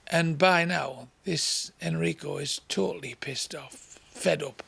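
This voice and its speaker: A man's voice: fairly high pitch, unhurried, a bit bright. A man from England doing crude, swearing stand-up storytelling, acting out voices and sounds along the way. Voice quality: gravelly. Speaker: stand-up comedian.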